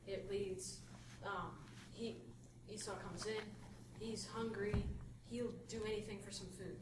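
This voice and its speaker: Flat-voiced woman, distant and echoey. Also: medium pitch, measured pace. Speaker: Bible study participant. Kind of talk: group discussion. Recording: roomy, distant mic with noise.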